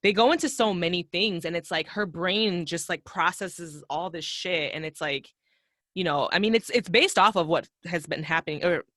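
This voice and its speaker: A woman's voice: on the low side, normal speed, fairly bright tone, no room sound, studio quality. A woman hosting a casual podcast, rambling in slangy chat full of fillers. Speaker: podcast host.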